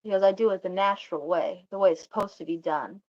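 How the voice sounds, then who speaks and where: A woman vlogger with a mid-range, slightly mellow voice tells a rambling story in casual chat, restarting often and quoting others in quick asides. The audio sounds dull.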